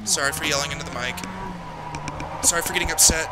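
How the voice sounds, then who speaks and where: A man's voice: on the high side, level tone, fast, long pauses. Man giving casual racing-game commentary. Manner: talks to himself while driving, frustrated and ranting. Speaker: sim racing streamer. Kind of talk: live gameplay commentary. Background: loud music.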